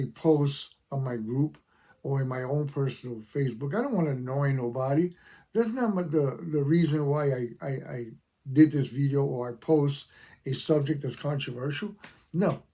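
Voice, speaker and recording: With a fairly high, warm, husky voice, an older veteran on YouTube delivers a passionate opinion rant to his viewers, hammering his points and repeating himself.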